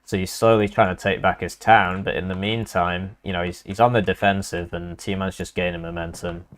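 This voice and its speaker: A man's voice: sits low, fairly even intonation, normal speed. A young man casting a live strategy game match, casual and rambling with lots of fillers. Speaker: caster.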